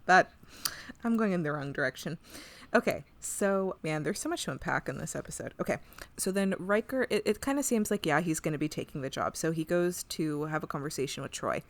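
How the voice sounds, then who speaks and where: A woman co-hosting a casual podcast, talking through an episode in a loose, rambling way. Her pitch swoops widely, and she laughs and swears often. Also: expressive, fairly quick. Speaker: podcast co-host. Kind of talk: casual chat recapping an episode.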